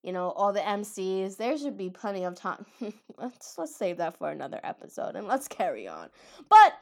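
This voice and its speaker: A woman's voice: mid-range voice, very animated, normal speed. A woman talking casually and rambling, with lots of filler words and self-deprecating asides, as she recounts anime moments. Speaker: anime commentator.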